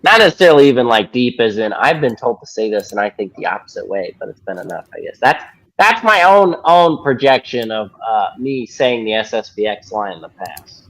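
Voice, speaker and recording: A man's voice: lively intonation, brisk, fairly bright tone. A young man hosting a podcast, reacting to a video in casual commentary and mocking preachers with exaggerated voices. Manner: mocking, jumps into high mock-preacher voices. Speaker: podcast host. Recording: dull lo-fi audio.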